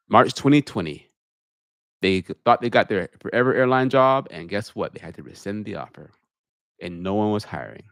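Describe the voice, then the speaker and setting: A man's voice: fairly low pitch, dry recording, studio quality. Man in his put-on public speaking voice. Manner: reads viewer questions aloud, then answers plainly. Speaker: airline pilot answering viewer questions. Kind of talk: live Q&A stream, casual chat. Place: home media room with green screen. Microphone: studio microphone on a holder.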